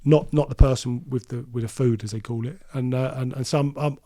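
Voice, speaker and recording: A man's voice: medium pitch, steady tone, fairly quick, warm tone. A middle-aged man, telling his life story as an interview guest, with restarts and acted-out quoted voices. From London.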